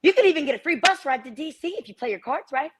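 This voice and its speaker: A woman calling in to a casual online chat show. She talks quickly and emphatically, with a lively, swooping voice. She pushes her opinions firmly. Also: high-pitched. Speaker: caller.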